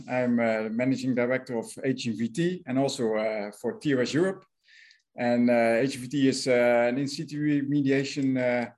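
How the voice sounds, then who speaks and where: A middle-aged man with a Dutch accent, answering interview questions as a company director, explaining technical matters haltingly with many fillers. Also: mid-range voice, a little mellow. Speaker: guest, managing director of a remediation firm.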